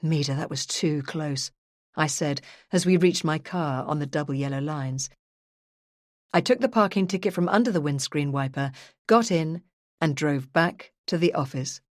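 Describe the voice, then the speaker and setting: A woman with a lowish voice reads a first-person true crime audiobook in the voice of a detective. Her delivery is measured and even, close to the mic in a dry studio with no room sound. It is steady, unhurried storytelling. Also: dry recording. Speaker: audiobook narrator.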